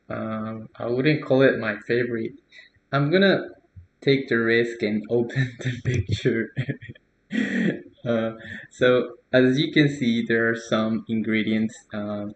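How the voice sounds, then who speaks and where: Young guy, going slow over a learner's post, lots of uhs, roomy echo. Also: mid-range voice, slight background noise. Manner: relaxed, hesitant, many fillers, soft laughs. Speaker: language tutor. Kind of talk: casual correction of a learner's post.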